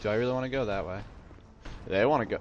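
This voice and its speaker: A man casually commenting on his own gameplay in an excitable way, talking to the enemies and breaking into sudden outbursts. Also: fairly low pitch, fast talker, dull audio, a little hiss or hum. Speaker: let's play host.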